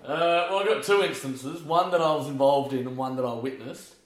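A man's voice: mid-range voice, fairly quick. An Australian man telling stories in casual chat, swearing and laughing as he acts out quotes. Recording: echoey room.

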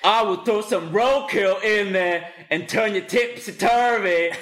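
Man voicing a slow drawling redneck wrestler; echoey room. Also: high voice, a bit bright. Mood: taunting.

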